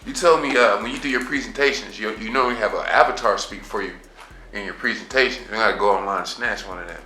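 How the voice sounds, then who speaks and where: A man's voice: fairly low pitch, fast talker, sharp tone. A man hosting an interview, asking questions in a loose, conversational way with slang and restarts. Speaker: interviewer, show host. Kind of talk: casual interview talk. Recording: echoey room.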